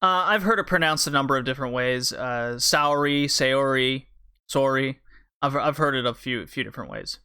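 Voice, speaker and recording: Bright-voiced man hosting a podcast. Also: medium pitch, expressive, quick pace, hardly any pauses, clean tone. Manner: explanatory, leads the talk with questions. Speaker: podcast host. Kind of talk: casual chat.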